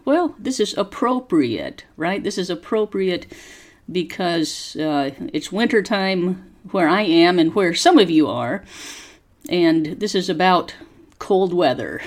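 A woman from Arkansas teaching English on a podcast, chatting casually and then reading a story slowly for learners to repeat. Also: lowish voice. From Arkansas, USA. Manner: chatty and relaxed, reading text slowly and deliberately. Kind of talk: podcast lesson with slow read-aloud for listen and repeat.

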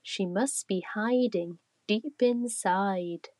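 A woman doing a crafty high goose. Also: slow, darkish tone, no room sound. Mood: sly. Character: big crafty goose, hissing.

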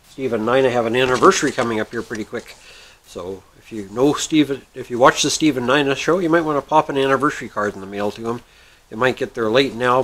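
A man hosting a story and joke segment, who talks in a folksy, chuckling, unhurried way. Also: mid-range voice, fairly bright tone, poor audio. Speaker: host.

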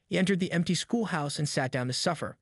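Man narrating an audiobook, fairly high voice. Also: husky, no room sound, studio quality. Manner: steady, measured reading. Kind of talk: scripted narration.

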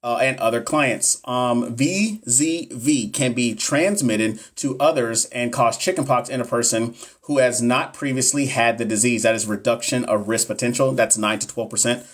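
A man's voice: medium pitch, normal speed, few pauses. A man tutoring nurses on a live stream, going through exam questions in a casual, hyped-up way and swearing freely. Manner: casual, profane, hyped-up talk to viewers.

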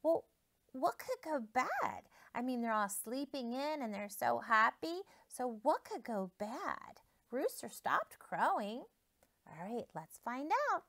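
A woman teacher reading a picture book aloud to young children, pausing to ask them questions and prompt predictions. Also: a little high. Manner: expressive, asks children questions.

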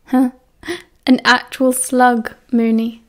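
A woman's voice: on the high side, flat delivery, slow pace. Audiobook: woman doing a dramatic, sulky British schoolboy, drawling, slightly raised. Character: moody posh teenage boy, dramatic.

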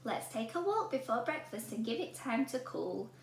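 A woman voicing a motherly grown-up she-bear in a storybook reading, in a calm, motherly way. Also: on the high side, normal speed, creaky, reverberant.

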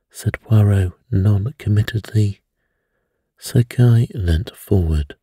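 A man reading a mystery as a relaxing bedtime story, in a slow, soothing narration. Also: low voice, mellow, a little hiss or hum.

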